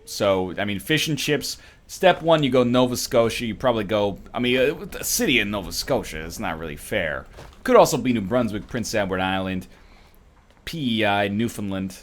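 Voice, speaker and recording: A man's voice: on the low side, animated, moderate pace. A man riffing and joking sarcastically in casual stream chat. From Canada.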